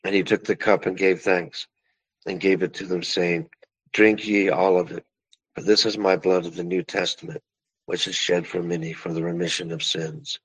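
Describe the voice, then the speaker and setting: A very deep-voiced man reads scripture in a slow, formal and solemn manner. His voice is low and husky. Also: fairly even intonation, rough recording. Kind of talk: scripture reading and prayer.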